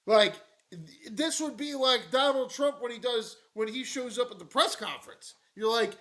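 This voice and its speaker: A man hosting a live news stream, swearing and mocking as he swings from loud rants to low mutters. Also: normal speed. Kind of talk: profane live-stream commentary.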